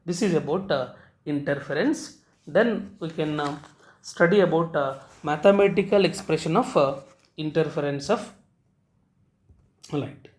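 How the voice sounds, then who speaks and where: A man teaching physics, explaining step by step and pausing on "uh" before key terms. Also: fairly high pitch. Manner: halting, frequent "uh" before key terms, repeats phrases. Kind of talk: recorded physics lecture at a board. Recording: echoey room.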